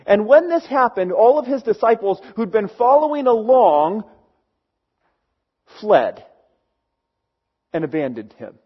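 A man with a fairly high voice preaches by telling a story, casual and animated, slipping into the voices of the people in it. The sound is slightly dull and muffled. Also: unhurried, pauses often, slightly rough. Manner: animated, acting out characters, conversational. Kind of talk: storytelling sermon.

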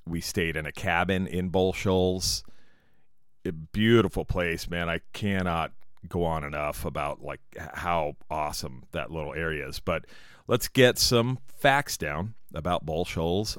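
Deep-voiced rambling podcast guy. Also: a little slow, a bit bright, smooth, no room sound, studio quality. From Southern California. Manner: rambling, loose, swears casually, restarts. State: jittery from caffeine. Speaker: podcast host. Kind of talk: casual solo podcast talk.

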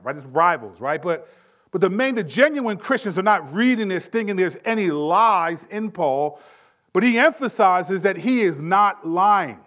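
A man with a notably high-pitched voice teaches scripture in a relaxed, conversational sermon. He leans into emphatic phrases, then sinks his voice low and quiet when a point turns serious. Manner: conversational, emphatic, drops to hushed tones for weight. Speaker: preacher.

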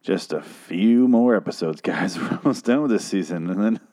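Young male podcast host, slightly low voice, sarcastic exasperated rant, casual swearing. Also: animated, normal speed, dark tone. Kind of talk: casual ranting review.

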